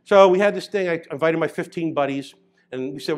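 High-voiced New storyteller man. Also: a little fast. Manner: animated, grows loud and excited as the story builds. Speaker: chiropractor. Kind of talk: storytelling talk.

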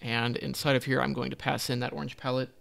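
A man's voice: mid-range voice, little pitch movement, fast, gravelly, a bit bright. A man teaching a coding tutorial, thinking aloud as he types, with frequent ums and self-corrections. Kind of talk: screen-recorded coding walkthrough.

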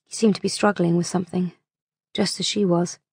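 A woman narrating an audiobook in a measured, unhurried reading voice on a close mic. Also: fairly low pitch, little pitch movement, a little mellow, slightly rough, no room sound.

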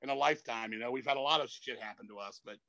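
A metal band frontman in his fifties, appearing as a guest, tells rambling, profane stories in a casual interview, tacking "man" onto the ends of lines. He talks very fast in a medium-pitched, sharp-toned voice, captured in a dry, lo-fi recording.

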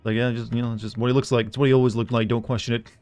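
A man's voice: mid-range voice, level tone, very fast, a little mellow, clean tone. Male streamer, casual rambling talk, mid-range voice, reads game notes aloud.

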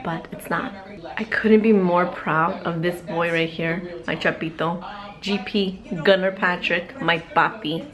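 A woman's voice: lowish voice, measured pace, crowd noise. Chatty woman vlogging at home. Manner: lively, chatty storytelling with sound effects. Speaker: vlogger and mother. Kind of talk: casual vlog storytelling.

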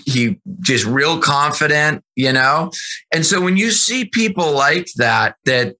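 A man in a casual podcast interview, telling stories as a sales executive guest in an animated, conversational way. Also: medium pitch.

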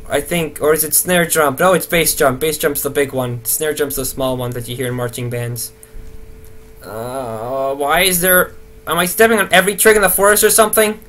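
A young man rambling nervously through horror game commentary, swearing and talking to himself to stay calm. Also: on the high side, moderate pace, a little hiss or hum. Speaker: gaming video host.

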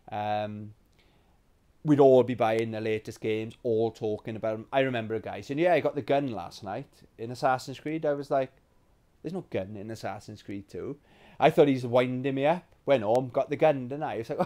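A man from England hosting a gaming vlog, telling stories in a rambling, animated way and swearing freely. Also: medium pitch. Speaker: gaming channel host. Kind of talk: casual storytelling vlog.

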